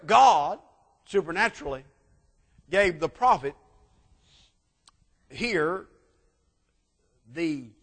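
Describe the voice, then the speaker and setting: A man preaching a sermon, telling a Bible story dramatically and swinging from loud peaks to hushed asides. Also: high voice. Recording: long hall reverb.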